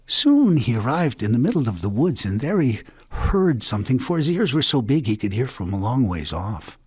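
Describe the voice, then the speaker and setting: Hushed, playful male storyteller. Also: mid-range voice, very animated, moderate pace, slightly rough, no echo, clean studio sound. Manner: hushed, playful, dropping to whispers. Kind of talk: folk tale storytelling.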